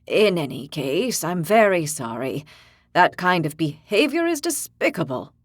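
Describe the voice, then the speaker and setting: A woman narrator voicing a weary, regretful older male interpreter in an audiobook, speaking slowly and gravely. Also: lowish voice, big pitch swings, dry recording, clean studio sound. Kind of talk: audiobook character voice.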